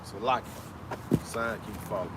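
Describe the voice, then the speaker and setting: A man's voice: fairly low pitch, steady tone, a little slow, noisy background. A man preaching in a loose, conversational way outdoors in a city, often tacking "man" onto his sentences and chuckling now and then. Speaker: street preacher. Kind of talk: casual preaching talk. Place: outdoors in a city, Atlanta area.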